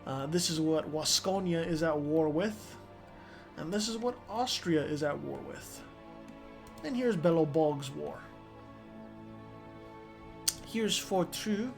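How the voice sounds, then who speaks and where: An excitable strategy game commentator talks through a match in a loose, casual way, dropping swear words and tripping over restarts. The pitch sits right in the middle, with soft music playing faintly underneath. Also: measured pace, vocal fry.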